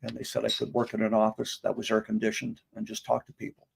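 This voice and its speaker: A man's voice: on the low side, completely flat delivery, fast, creaky, slightly rough. An older man telling rambling stories about his working life in a casual interview. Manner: rambling storyteller. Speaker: guest, veteran.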